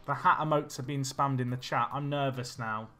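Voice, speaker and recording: A man streaming a football management game, chatting nervously and swinging between low mutters and panicked yelling. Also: fairly even intonation, moderate pace, faint music behind. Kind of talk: live game commentary.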